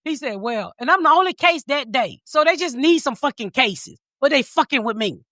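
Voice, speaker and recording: Profane, high-voiced woman host storytelling. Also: normal speed, no echo, clean studio sound. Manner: profane, animated, laughs while telling stories. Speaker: podcast host. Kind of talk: casual comedic storytelling.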